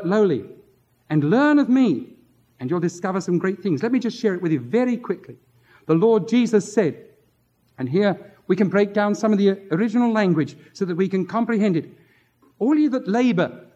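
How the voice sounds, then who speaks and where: A male pastor with a high, darkish voice preaches an impassioned sermon, drawing out words for emphasis. It sounds like a dull, lo-fi sermon tape.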